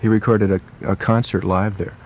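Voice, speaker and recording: A man hosting a casual radio interview as disc jockey, chatty and quick with fillers and restarts, in a radio studio. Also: fairly low pitch, level tone, a little hiss or hum. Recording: dull lo-fi archival radio tape.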